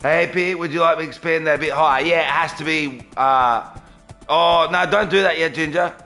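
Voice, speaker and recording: A man's voice: fairly high pitch, normal speed, pushed and bright, soft background music. A man live-streaming a game from his home studio, chatting casually and greeting viewers by name.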